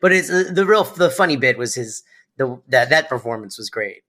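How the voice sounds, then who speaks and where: A woman's voice: very deep voice, lively intonation, moderate pace, fairly bright tone. A woman co-hosting a podcast, chatting casually about a sitcom episode, playful and laughing as she re-enacts scenes. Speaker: podcast co-host.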